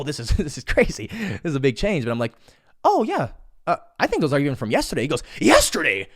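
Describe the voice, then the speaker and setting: On a clean, echo-free studio mic, a young podcast host talks solo in a casual, rambling way. He swears a lot, repeats words, and restarts, his voice sitting at a medium pitch.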